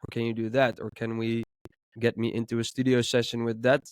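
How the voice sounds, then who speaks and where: Guy in his 30s with a cold, kinda hoarse, rambly podcast chat, dry close mic. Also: medium pitch, brisk, dry recording. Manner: relaxed, rambling with many fillers. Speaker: podcast co-host, music producer.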